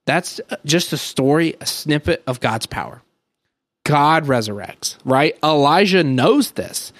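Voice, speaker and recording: A man co-hosting a podcast, explaining Scripture in casual, earnest talk with slow, stressed words. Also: fairly high pitch, lively intonation, fairly bright tone, no echo. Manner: earnest, thinking aloud with many "like"s and slow emphatic stresses. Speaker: podcast co-host. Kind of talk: casual Bible teaching chat.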